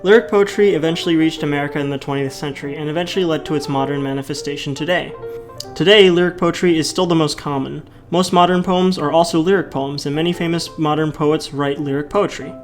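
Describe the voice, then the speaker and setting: A man reading a school presentation from a script in a steady voice. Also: fairly high pitch, fast. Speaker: student presenter. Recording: soft guitar music behind.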